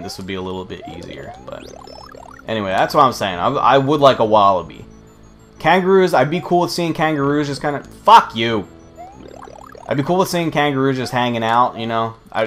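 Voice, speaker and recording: American man, low voice, rambling gameplay commentary, lots of swearing, faint music behind. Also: a bit bright. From United States. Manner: rambling, profane, easily sidetracked. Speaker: let's play host.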